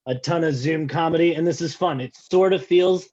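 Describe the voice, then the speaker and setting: Stand-up man, slightly high voice, self-deprecating, rambling, lo-fi call audio. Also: normal speed, darkish tone. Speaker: stand-up comedian. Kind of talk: stand-up set over a video call. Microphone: video call.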